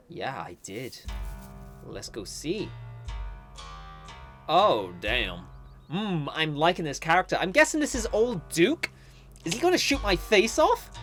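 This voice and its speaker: A woman giving chatty, giggly commentary while playing a story game. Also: medium pitch. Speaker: game video host. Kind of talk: casual let's-play commentary.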